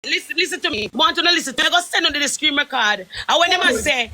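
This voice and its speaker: High, bright Jamaican woman ranting furiously. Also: animated, fast, hardly any pauses. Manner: furious, cursing rant in patois. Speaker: caller on a live stream. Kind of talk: heated live stream argument.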